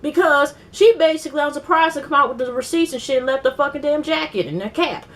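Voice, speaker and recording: A woman casually recapping a reality TV episode, rambling and animated, acting out quotes and swearing freely. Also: sits high, fast. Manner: rambling, animated retelling with quoted voices and profanity. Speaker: TV recap vlogger.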